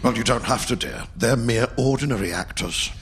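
A man's voice: medium pitch, moderate pace, fairly bright tone, a little hiss or hum, natural voice. A man playing a pompous, theatrical elderly stage actor who calls everyone darling. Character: grand elderly male wizard-actor, theatrical. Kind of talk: sketch comedy impression.

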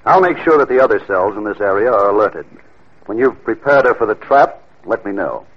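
Cold threatening spy boss, husky, lively pitch, lo-fi old radio drama. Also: male voice, fairly quick. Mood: menacing. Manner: smooth, threatening, clipped. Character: cold menacing male communist boss. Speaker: communist cell leader. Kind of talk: 1950s radio drama acting. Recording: dull lo-fi old radio recording.

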